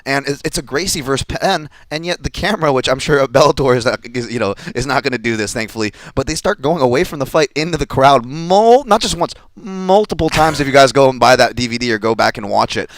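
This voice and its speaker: Fast-talking male fight analyst. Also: mid-range voice, no echo. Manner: quick, eager talker with stammered restarts. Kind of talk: casual sports chat.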